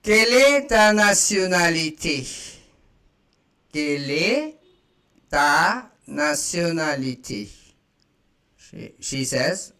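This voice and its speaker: A man teaching a beginner lesson, slowly saying each phrase twice and explaining it in English. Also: fairly high pitch, big pitch swings, bright, forceful tone. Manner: slow, repeats each phrase, spells out examples. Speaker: French teacher. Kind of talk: slow beginner language lesson.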